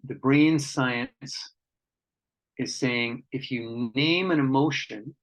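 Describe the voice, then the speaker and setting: A man leads an online workshop at an ordinary middle pitch, reading out what participants have written and reflecting on it. His delivery is earnest and conversational, with frequent restarts. The sound is dull and lo-fi, like a video call. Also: slow. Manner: reads out participants' comments and reflects on them. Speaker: workshop facilitator.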